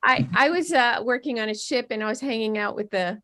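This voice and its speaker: A woman's voice: a little high, fairly quick, fairly bright tone. A middle-aged woman performing a stand-up comedy set over a video call from home, self-mocking and laughing between jokes. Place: her home.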